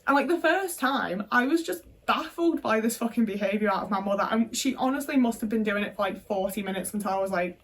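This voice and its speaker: A woman's voice: high-pitched, lively intonation, a little fast, distant mic. A young woman from the UK telling a personal story in casual talk, frank and full of swearing and filler words. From United Kingdom. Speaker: vlogger.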